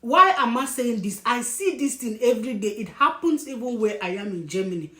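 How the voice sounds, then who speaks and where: A woman's voice: a little high, expressive, brisk, fairly bright tone. A woman vlogger giving emphatic, scolding commentary, breaking off now and then to apologize for what she says. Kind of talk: opinionated commentary. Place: lives in Germany. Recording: echoey room.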